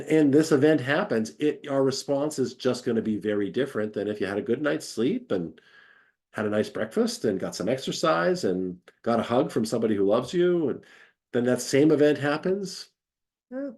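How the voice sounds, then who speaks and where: A man's voice: medium pitch, darkish tone. A man giving a conversational academic lecture, acting out quoted voices as he explains.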